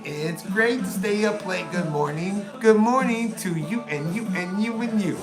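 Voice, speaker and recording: A man's voice: sits high, lively intonation, a little slow, few pauses, music in the background. A middle-aged man, ranting and taunting crudely as a livestream host. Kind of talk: profane livestream rant.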